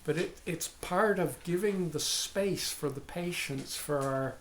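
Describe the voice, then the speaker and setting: An older man, a dharma teacher, giving a contemplative talk in halting, searching phrases with frequent asides. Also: a little high, reverberant, slight background noise.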